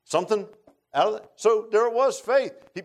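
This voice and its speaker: A male pastor preaching a sermon in an animated, informal way, often repeating words and making joking asides to the congregation. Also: high-pitched, moderate pace.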